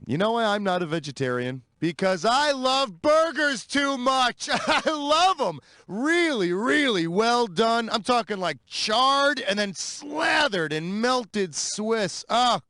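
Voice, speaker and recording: Snarky quiz host guy, teasing the player, voice jumps all over the place. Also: sits high. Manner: sarcastic, teasing, punchy comic delivery. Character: wisecracking, snarky adult male quiz show host. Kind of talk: scripted game show hosting.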